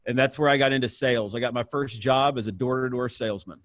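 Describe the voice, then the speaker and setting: A man's voice: medium pitch, quick pace, no echo. A man in his thirties from the American Midwest, a guest on an entrepreneurship interview, telling his story casually and acting out the dialogue. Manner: animated storyteller, acts out dialogue.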